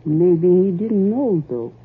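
An actress playing a bold, greedy young wife in a 1940s radio drama, with a drawling, taunting rural way of talking, on a tinny old radio broadcast. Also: female voice, fairly low pitch, lively intonation, slow, breathy edge, heavily acted. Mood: scheming.

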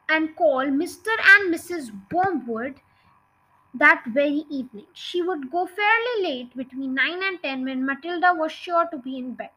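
A woman narrating a children's novel chapter in a steady, measured reading. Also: sits high, rough recording. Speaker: audiobook reader. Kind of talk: storybook reading.

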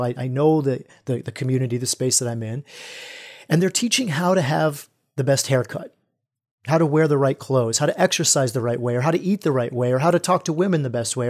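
A man's voice: mid-range voice, a little mellow. A man hosting his own podcast, talking earnestly and reflectively to his listeners as a spiritual guide for men, calling them brothers. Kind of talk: solo podcast monologue.

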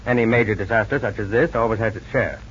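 Calm, methodical insurance investigator played by a man, old-time radio drama, dull lo-fi sound with faint hiss. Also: on the low side, natural voice. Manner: measured, businesslike explaining. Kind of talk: 1940s radio acting.

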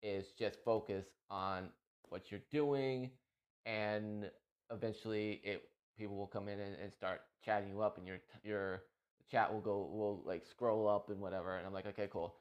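A man's voice: fairly low pitch, fairly even intonation, moderate pace. A man talking about his day as a streamer in a casual, emotional, rambling monologue full of restarts. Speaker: streamer and podcast host.

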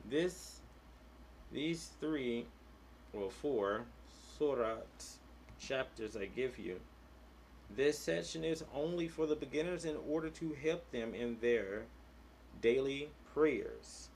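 Slow-paced man teaching scripture. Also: medium pitch, lively intonation, darkish tone, a little hiss or hum. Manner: recites Arabic verses slowly, then translates to English. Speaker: Muslim religious teacher. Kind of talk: slow religious lesson.

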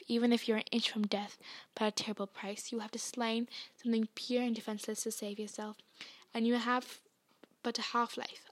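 A proud young centaur speaks with grave urgency, as a woman reader puts him on in a storybook reading. His voice sits a little high and presses its points firmly. The recording is close and dry. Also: no echo, natural voice.

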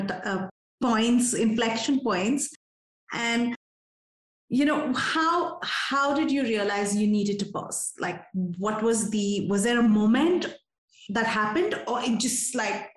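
A woman host asking a guest questions, halting and searching for her words. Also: medium pitch, echoey room, low-quality recording. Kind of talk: interview questions.

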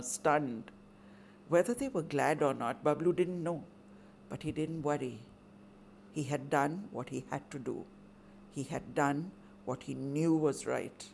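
A woman telling a story dramatically and with measured delivery. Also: low voice, darkish tone, slight background noise. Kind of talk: oral storytelling performance.

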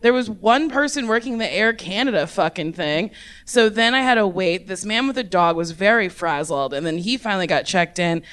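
A woman in casual chat, telling a story in an animated, giggly way and swearing freely. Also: medium pitch, moderate pace, smooth.

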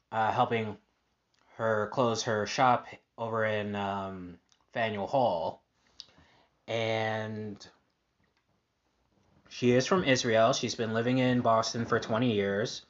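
Upbeat rambling man, low dull sound. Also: steady tone, slow pace, pauses often. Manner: rambling, many fillers and restarts; upbeat, positive. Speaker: podcast host. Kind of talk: casual personal monologue.

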